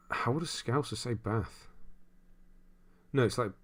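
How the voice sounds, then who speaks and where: A man's voice: medium pitch, a little slow, long pauses, fairly bright tone. A man streaming games and chatting casually as he reads viewer comments, rambling and laughing often. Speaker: streamer host. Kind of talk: casual livestream chat reading viewer comments.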